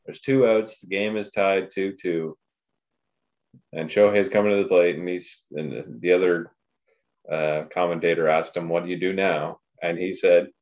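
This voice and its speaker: Deep-voiced blunt man on a lo-fi recording. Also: steady tone, moderate pace. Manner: profane, blunt opinions. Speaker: podcast co-host. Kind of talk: casual sports chat.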